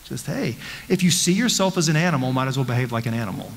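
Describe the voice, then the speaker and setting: A male pastor leads a Bible study in a loose, conversational way, stopping to ask rhetorical questions and often restarting his sentences. His voice sits at a middling pitch for a man. The sound rings with the long reverb of a church sanctuary. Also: lively intonation, fast talker, vocal fry, slight background noise.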